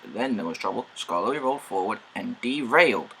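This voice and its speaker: Gravelly, bright male storybook narrator. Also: lowish voice, expressive, normal speed, few pauses, a little hiss or hum.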